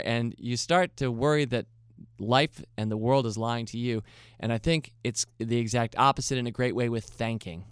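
A man's voice: medium pitch, a bit bright, clean tone, no echo, clean studio sound. A man from the United States hosting his investing podcast, talking through listener questions in a conversational, upbeat way with the odd light laugh. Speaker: podcast host. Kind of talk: casual solo podcast talk.

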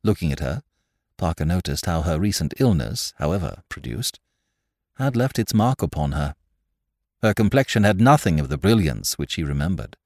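A male audiobook narrator with a deep, low voice that moves with a lively, expressive melody. He tells the story in a polished, scripted style. The sound is dry and close, with no room around it. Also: moderate pace, dry recording. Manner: expressive storytelling, rising with excitement.

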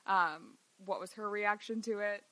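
Bright, giggly woman podcast host. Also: medium pitch, measured pace, low-quality recording. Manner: giggly, asks rambling questions. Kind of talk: casual podcast interview.

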